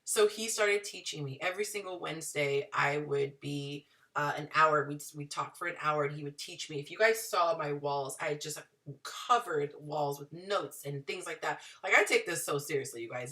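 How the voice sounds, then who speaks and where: A woman in her thirties telling her story to viewers in a chatty, animated way. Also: deep voice, far from the mic. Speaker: dating and relationship advice vlogger.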